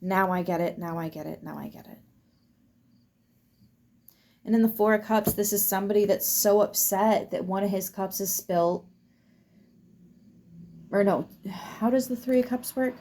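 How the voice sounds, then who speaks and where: A woman's voice: mid-range voice, moderate pace, mellow. A woman giving a casual tarot reading to her viewers in a chatty way, laughing often and swearing freely. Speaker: tarot reader.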